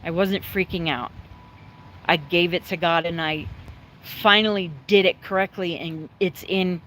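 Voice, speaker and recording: A woman chatting casually to her viewers from home, rambling and candid, swearing freely, emotional yet calm. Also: on the low side, a little slow, slight background noise. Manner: emotional but calm, choked up at times. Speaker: livestreaming vlogger. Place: at home, dogs in the yard nearby.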